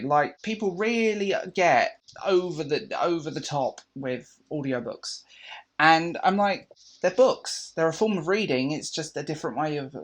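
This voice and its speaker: A man's voice: fairly high pitch, slightly rough. A British man talking casually to his camera, enthusiastic and a little rambling. He restarts sentences often and gushes as he goes, in an easy, unscripted chat. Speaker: book vlogger. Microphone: camera mic.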